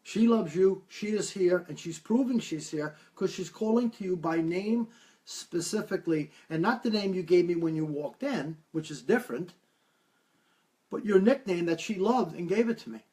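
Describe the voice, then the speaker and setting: A man giving a live-stream talk as a medium, taking viewer questions and telling stories with lively acted-out quotes. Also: high voice, normal speed. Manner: animated storytelling, acts out quoted voices.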